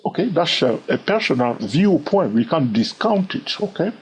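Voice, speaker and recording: A man teaching trading in an animated way. He often fills pauses with "okay" and "all right" and repeats phrases as he thinks aloud. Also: on the high side, a little hiss or hum, low-quality recording. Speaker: trading educator. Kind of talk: instructional talk to camera.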